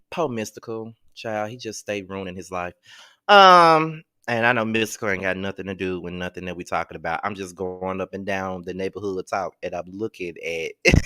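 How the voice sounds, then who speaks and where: A man hosts a live gossip show with a bright, forceful voice, sassy and blunt. He talks straight to his viewers, swears freely and calls them "child" while he reacts. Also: fairly high pitch. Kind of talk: live celebrity gossip commentary.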